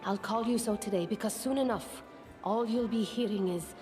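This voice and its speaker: A woman's voice: mid-range voice, moderate pace, over music, lightly acted. A woman voicing a wry adventurer ally. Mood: teasing. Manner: wry, teasing farewell. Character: friendly woman adventurer ally, dryly teasing.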